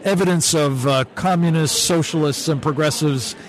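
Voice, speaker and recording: A man hosting a radio interview at a convention, speaking deliberately with frequent pauses. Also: a little high. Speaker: radio host. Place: radio row at a political convention.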